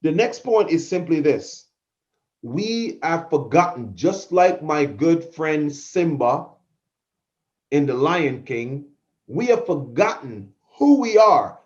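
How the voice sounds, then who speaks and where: A man's voice: a little high, big pitch swings, slow, a little mellow, dull audio. A middle-aged man hosting a podcast, giving a fervent motivational talk that repeats phrases for emphasis. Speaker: podcast host, motivational speaker.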